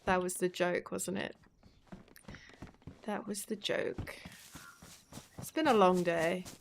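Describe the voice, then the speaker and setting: A woman's voice: lowish voice, fairly even intonation, takes it slowly, vocal fry, slight background noise. An English woman live-streaming a game, chatting casually, laughing often and swearing freely. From England. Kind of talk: casual live-stream chat while gaming.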